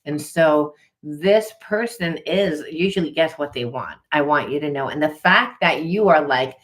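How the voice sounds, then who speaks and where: A woman's voice: sits low, unhurried. A woman spiritual coach talking through a tarot reading in an earnest, conversational way, often repeating herself. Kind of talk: casual tarot reading monologue.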